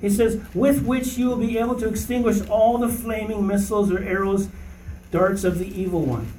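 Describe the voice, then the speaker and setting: A man's voice: high voice, steady tone, normal speed, dark tone, recorded from a distance, a little hiss or hum. A man leading an informal Bible study for a small group, emphatic and rising to preaching fervor, often checking in with "okay?". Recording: roomy echo, voice from off-mic, faint ambience.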